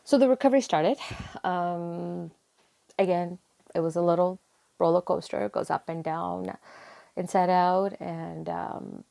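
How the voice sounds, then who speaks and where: A young woman telling a personal story in conversation, acting out her own past words with rising excitement. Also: on the low side, a little slow, gravelly. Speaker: interview guest.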